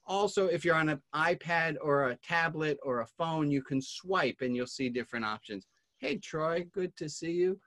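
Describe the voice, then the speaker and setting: A man's voice: fairly high pitch, normal speed, a bit bright. A man hosting an online class, calling on each guest by name in a friendly, casual way over a video call. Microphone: computer mic on a video call.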